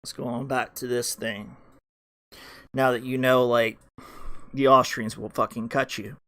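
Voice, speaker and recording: A man from the United States hosts a podcast, speaking in a mid-range, level, fairly bright voice at a slightly slow pace. He rants in a rambling monologue with heavy swearing, many fillers, and frequent restarts.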